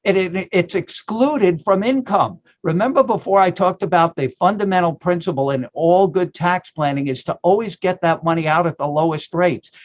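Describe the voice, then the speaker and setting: A man, a tax expert guest on a radio show, explaining retirement account rules in an emphatic, punchy way, sometimes slipping into a mock infomercial pitch. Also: moderate pace, hardly any pauses, lo-fi sound.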